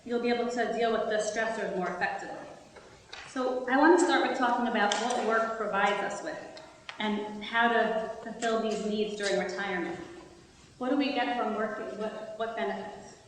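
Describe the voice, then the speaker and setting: A woman's voice: fairly high pitch, moderate pace. A woman giving a community talk about easing into retirement, explaining earnestly with stories and examples and sometimes restarting a phrase. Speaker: speaker on retirement transitions. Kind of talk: community talk with audience questions. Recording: echoey hall, distant mic, background noise.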